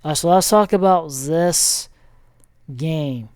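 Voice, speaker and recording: Man, sports vlogger, casual recap; smooth clear voice, unhurried, chatty and full of fillers. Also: a little high, a little mellow, no room sound, clean studio sound. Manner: rambling, many fillers and self-corrections. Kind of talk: casual sports recap over a shared screen.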